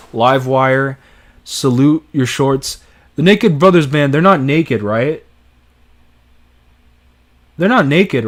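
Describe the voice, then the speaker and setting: A young man giving casual, off-the-cuff commentary on a live stream, swearing now and then and reacting with disbelief. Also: mid-range voice.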